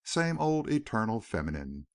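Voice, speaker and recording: A man's voice: fairly low pitch, big pitch swings, moderate pace, a little mellow, no room sound, clean studio sound. A man voicing an earnest young veteran. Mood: wistful. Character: young male war veteran turned rancher, gentle and earnest.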